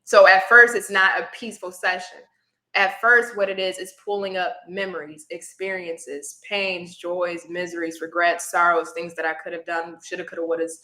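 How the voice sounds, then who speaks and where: Woman guest, reflective and emotional storyteller, bright tone, roomy echo. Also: fairly low pitch, level tone, normal speed. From Houston area. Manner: reflective, gets teary at times. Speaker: tarot reader guest.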